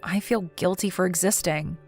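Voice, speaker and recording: A meek young wife speaks timidly and apologetically, voiced by a woman reading a text story. Faint music sits quietly behind the voice. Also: on the low side, moderate pace, natural voice. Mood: self-loathing.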